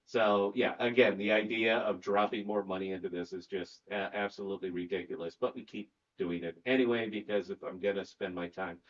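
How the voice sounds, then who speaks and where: A man's voice: lowish voice, level tone, brisk, hardly any pauses, highs cut off. A man hosting a casual crypto podcast, loose and jokey, rambling with lots of restarts. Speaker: podcast host.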